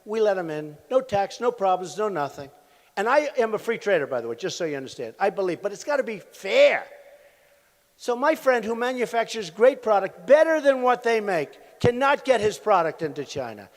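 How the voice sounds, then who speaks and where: A man's voice: high voice, big pitch swings, normal speed. A man in his sixties giving a campaign rally speech, rambling through repetitive stories with asides to the crowd, at a podium microphone. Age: 60s. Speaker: presidential candidate at a campaign rally. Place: large rally venue. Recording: echoey hall sound from a rally venue.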